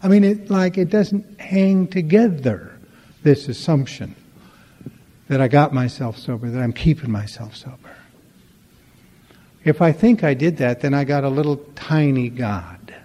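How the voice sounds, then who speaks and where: A man's voice: mid-range voice, expressive, unhurried, long pauses, mellow, big-room sound, muffled recording. A man giving a storytelling talk at a recovery meeting, conversational and wry, acting out the dialogue in his stories.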